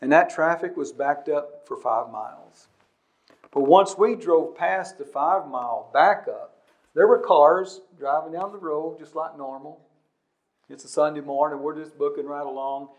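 A man preaching a sermon as the pastor, earnest and emphatic, repeating his points and swinging between loud declarations and quiet, low stretches. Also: measured pace.

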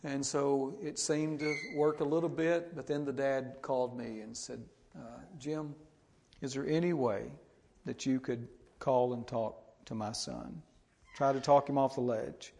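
A man's voice: mid-range voice, fairly even intonation, unhurried, dark tone. A middle-aged man, a pastor telling a story and exhorting in an earnest sermon. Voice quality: gravelly.

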